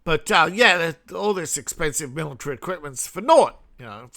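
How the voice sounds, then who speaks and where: A man's voice: a little high, animated, normal speed, pushed and bright. An Australian man hosting a casual news commentary vlog, rambling and sarcastic, chuckling at his own jokes. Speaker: host.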